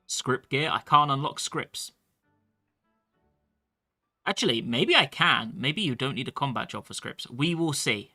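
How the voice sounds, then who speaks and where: A man's voice: medium pitch, animated, a little slow, pauses often, sharp tone, faint music behind. A male streamer chatting casually about his game and reading chat messages aloud. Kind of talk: live-stream gameplay commentary.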